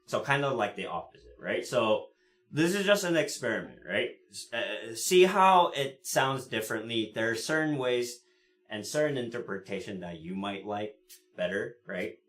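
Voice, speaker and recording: A man teaching cello in a live lesson, explaining in a relaxed way with many fillers and frequent "right?" checks, pausing to play the instrument. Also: mid-range voice. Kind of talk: live online music lesson. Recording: roomy sound with cello playing. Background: cello playing between phrases.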